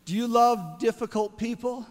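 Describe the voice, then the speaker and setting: A male preacher telling a story in a sermon, building to loud exclamations. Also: very high-pitched, moderate pace, long reverb tail.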